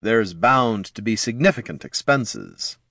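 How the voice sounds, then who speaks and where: A man's voice: on the low side, big pitch swings, a little slow, gravelly, a bit bright, no echo, studio quality, heavily acted. A man voicing a bookish male wizard who talks in a precise, eager way.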